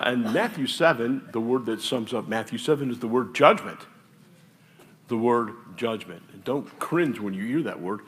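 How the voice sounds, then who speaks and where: A man with an American Midwestern accent preaching a sermon in a church, chatty and joking between scripture readings. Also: on the low side. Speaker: pastor. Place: church sanctuary. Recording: distant mic in a reverberant church with faint ambience.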